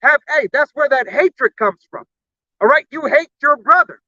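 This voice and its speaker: Male street preacher, high sharp tense voice, blunt and profane, dull lo-fi sound. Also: animated, moderate pace, dry recording. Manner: blunt, profane, punctuates with "all right?". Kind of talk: fiery sermon.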